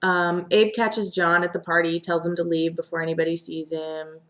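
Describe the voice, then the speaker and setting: A woman's voice: on the low side, little pitch movement, normal speed, fairly bright tone. A young woman casually recapping a soap opera as host, chatty and full of fillers, sometimes acting out quotes.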